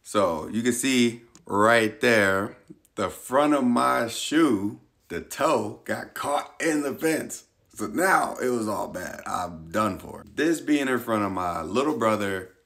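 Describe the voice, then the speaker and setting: Gravelly, animated American man telling a story. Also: fairly low pitch. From United States. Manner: animated, self-mocking, laughing at his own mishap. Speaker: vlogger. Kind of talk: comedic storytelling vlog.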